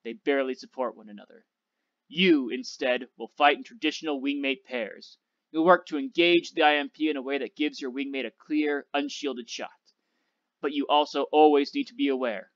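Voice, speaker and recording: A man reading the part of a gruff, sarcastic older flight instructor, in a clipped, commanding way, on a dull, dry recording. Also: medium pitch, moderate pace, dry recording, natural voice. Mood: instructing.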